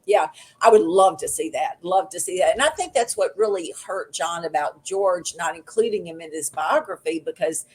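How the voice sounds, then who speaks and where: Woman, lowish husky voice, expressive storyteller. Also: normal speed. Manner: expressive storyteller, acts out quotes. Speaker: guest author. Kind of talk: casual podcast conversation.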